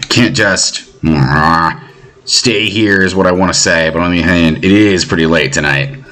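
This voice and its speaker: A tough, blunt veteran fighter, voiced by a man, low and gruff. He speaks in short, plain lines. The voice drops well below the performer's own. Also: moderate pace, bright, forceful tone. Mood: reassuring.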